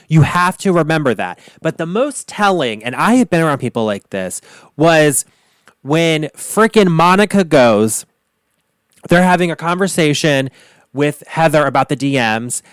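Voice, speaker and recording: A man hosting a solo podcast, recapping reality TV in an excitable, profane, gossipy way. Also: a little high, no echo. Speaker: podcast host, drag queen comic. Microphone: podcast mic.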